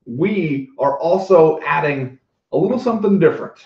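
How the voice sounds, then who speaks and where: This podcast co-host has a slightly high, expressive voice and talks at a moderate pace. His casual chat is enthusiastic, peppered with wry jokes at his own expense, captured in a dull, roomy lo-fi recording.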